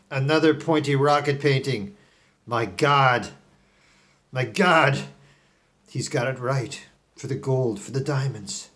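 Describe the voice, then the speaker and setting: In a comic impression, a man voices a grandiose, scheming billionaire tycoon, lurching between low mutters and outright yelling.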